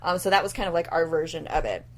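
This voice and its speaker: A woman co-hosting a podcast in casual chat, talkative and full of fillers, often trailing off quietly. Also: low voice, lively intonation, fast. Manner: chatty, many fillers, trails off softly at ends of thoughts. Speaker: podcast co-host.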